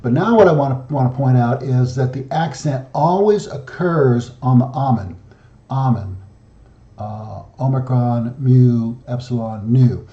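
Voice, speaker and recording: A man leading a study group, talking slowly and methodically through slides and reading word forms aloud. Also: medium pitch, animated, dark tone. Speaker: founder and study group leader. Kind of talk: solo language lesson over slides. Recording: dull lo-fi audio in an echoey room.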